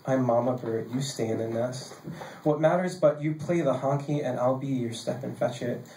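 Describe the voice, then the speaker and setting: A man reading his own poems live on a stage mic, casual and joking between pieces and measured while reading. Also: mid-range voice, warm tone, slight background noise. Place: basement bar venue, live. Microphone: handheld stage mic. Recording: echoey basement room.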